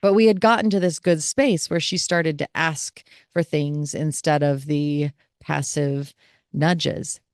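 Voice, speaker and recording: A woman's voice: low-pitched, steady tone, slow pace, darkish tone, no room sound, studio quality. A woman podcast host and family caregiver speaking in a candid, reflective personal monologue.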